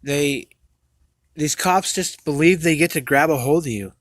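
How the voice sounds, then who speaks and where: A man's voice: a little high, unhurried, no echo. A man hosting his own livestream, ranting angrily, swearing often and stumbling over repeated words. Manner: profane, heated, repetitive stammering restarts. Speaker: livestream host. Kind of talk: angry livestream rant.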